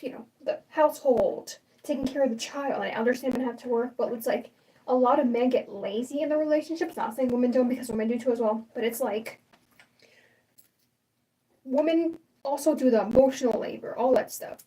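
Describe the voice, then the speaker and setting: A young woman chats through a casual livestream in a high but mellow voice, restarting sentences and leaning on fillers as she gives her opinions. She sits a little back from the mic, so the sound is slightly distant. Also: fairly quick. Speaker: livestream host.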